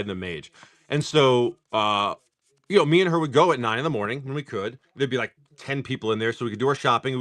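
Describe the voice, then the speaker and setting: A man's voice: medium pitch, a bit bright, no echo. A man live-streaming as he opens trading card packs. He tells a rambling story and keeps breaking off to call out card names. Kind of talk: casual live-stream chat.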